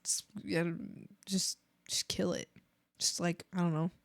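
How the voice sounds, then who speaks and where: A woman's voice: lowish voice, level tone, unhurried, creaky. A woman art streamer chatting casually while drawing, playful and rambling with silly jokes.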